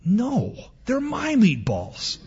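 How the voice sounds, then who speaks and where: A small boy, stubborn and smug, drawing his words out in a high, slightly husky voice, as a preacher acts him out. The recording sounds dull and lo-fi. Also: huge pitch swings, very slow, darkish tone, exaggerated voice. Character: stubborn little boy, proud of his food.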